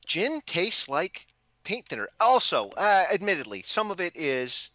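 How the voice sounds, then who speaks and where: Male guest, veteran, animated raconteur, lively pitch, slightly high. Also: a little slow, no room sound. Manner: animated, wry storyteller. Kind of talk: casual storytelling chat.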